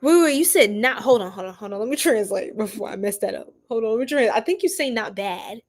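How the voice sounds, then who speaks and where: A woman's voice: a little high, expressive, fast talker. A woman hosting a casual live stream, greeting viewers by name and laughing often. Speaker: tarot reader and live stream host.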